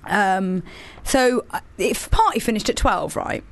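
A woman's voice: mid-range voice, lively intonation, measured pace, creaky. A woman co-hosting a radio show, chatting casually in a bubbly, giggly way.

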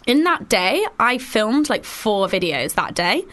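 A woman's voice: medium pitch, very animated, a little slow, a bit bright. A woman hosting a radio show, chatting casually and giggling, with lots of fillers. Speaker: radio host. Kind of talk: casual chat. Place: radio studio.

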